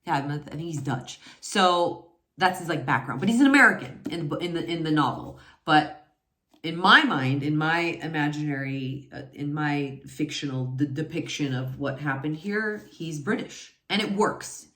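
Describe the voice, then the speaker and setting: Her low voice is animated, bright and forceful, moving at an ordinary speed. The forties-aged book reviewer rambles casually about romance novels with many fillers and self-corrections, in a room that echoes.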